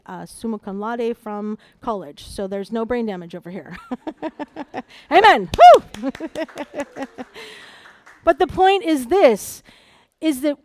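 A middle-aged woman preaches with an animated delivery, dropping to hushed storytelling and rising to loud, emphatic calls. Her voice sits fairly high, and the recording is dry and close. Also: no room sound. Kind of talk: sermon.

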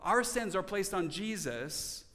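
A man preaching a sermon as pastor, earnest, dropping to soft tones for emphasis. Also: high voice, animated, slow pace, big-room sound.

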